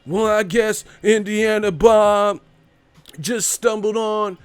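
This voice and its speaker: A man putting on the voice of a goofy, uncool office guy who talks with slow, drawn-out, exaggerated cheer. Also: high-pitched, steady tone, clean tone, no echo, voice pushed up.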